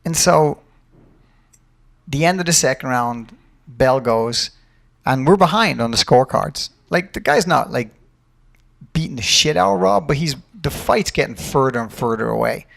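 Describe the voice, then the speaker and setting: Gravelly man telling a fight story. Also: medium pitch, normal speed. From Ireland. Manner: animated, profane anecdote telling. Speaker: podcast host and fight coach. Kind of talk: casual storytelling.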